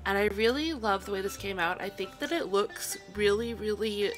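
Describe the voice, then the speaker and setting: A tired, yawning female video creator narrates a voiceover in a chatty, rambling way, full of ums and little asides. Her medium-pitched voice is bright and clear at a moderate pace, with soft music playing faintly behind her.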